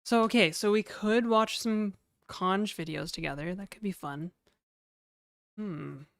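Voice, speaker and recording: A woman from New Brunswick, Canada, rambles and chats on a livestream, often laughing and cracking jokes. Her medium-pitched voice is gravelly and steady, her pace measured, in a dry, studio-quality recording.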